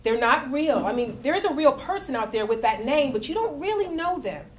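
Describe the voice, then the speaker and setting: A woman reading an essay aloud to a live audience, earnest and warmly amused. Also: sits high, big pitch swings, a little fast, slight background noise. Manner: earnest, breaks into laughter. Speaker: guest reader at a live book reading. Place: stage before a live audience.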